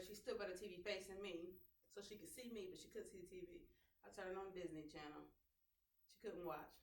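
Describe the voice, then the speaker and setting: A woman's voice: medium pitch, a bit bright, distant mic, a little hiss or hum. A young woman hosting a casual talk, telling family stories and laughing often, in an echoey room a bit off-mic. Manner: laughs a lot while telling stories, acts out her kids' voices. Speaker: host. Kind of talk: casual chat, storytelling.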